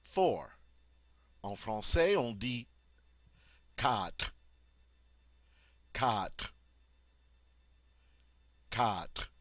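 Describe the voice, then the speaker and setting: A man teaching French pronunciation, repeating each word slowly and clearly before explaining it. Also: mid-range voice, fairly bright tone, no room sound. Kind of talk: pronunciation lesson.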